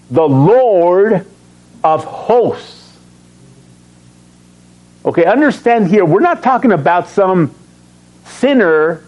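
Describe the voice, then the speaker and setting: A man with a high voice, captured on a low-quality recording, preaches a sermon as pastor. He reads scripture aloud and chuckles between points. He's animated, putting questions to his congregation and answering them himself.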